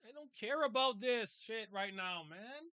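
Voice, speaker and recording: A man's voice: very high voice, lively intonation, unhurried, bright, forceful tone, clear, resonant tone, no room sound. A man streaming, casually reacting to a comic he reads aloud, blunt and dismissive and joking with his chat.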